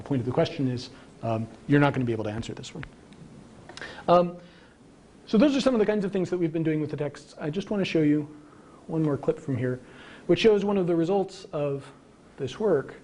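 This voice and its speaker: A man delivers a conversational public lecture from slides, animated and brisk, with a darkish tone. He uses frequent ums and casual asides. The audio comes from archival local-TV lecture tape with a faint rumble.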